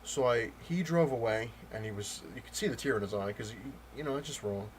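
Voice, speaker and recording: A man vlogging about comics, telling a story in a loose, rambling way with many pauses and restarts. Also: mid-range voice, expressive, a little hiss or hum. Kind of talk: casual storytelling rant.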